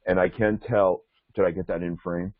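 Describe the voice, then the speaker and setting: A man's voice: low voice, fairly even intonation, normal speed, no echo. A male podcast host telling a rambling story in casual chat, full of restarts and fillers. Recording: tinny phone-like line.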